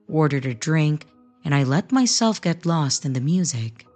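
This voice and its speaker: Female narrator for creepy story readings: deep register, lively intonation, scripted delivery.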